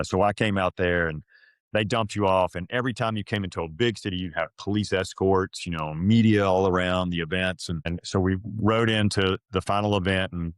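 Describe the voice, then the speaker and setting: A middle-aged man from Florida with a deep, low-pitched voice tells a personal story as a podcast guest. He speaks haltingly, restarts often and gets choked up. The recording is dry, with no room sound. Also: clear, resonant tone, no echo. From Florida, USA. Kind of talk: emotional storytelling.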